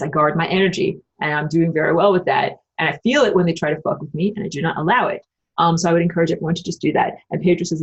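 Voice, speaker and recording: A spiritual channel host chats casually about spiritual ideas and answers her live chat, swearing bluntly and acting out quoted voices with big pitch jumps. The lo-fi sound is slightly rough.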